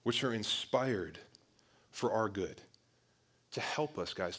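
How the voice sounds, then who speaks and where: A man's voice: on the low side, fairly bright tone. A man preaching a casual sermon to a young audience, talking conversationally, often calling listeners "guys" and restarting phrases.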